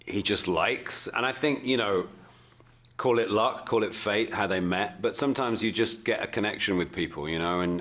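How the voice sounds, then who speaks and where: Deep-voiced English man, halting answers. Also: a bit bright. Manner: halting, repeats words and fillers as he thinks. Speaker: film actor interviewee. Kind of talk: casual interview answers.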